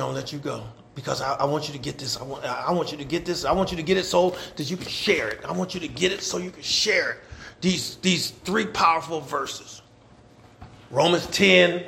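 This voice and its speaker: A man preaching a sermon, repeating his phrases for emphasis and moving between soft asides and loud, shouted points. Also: sits high, vocal fry, slight background noise.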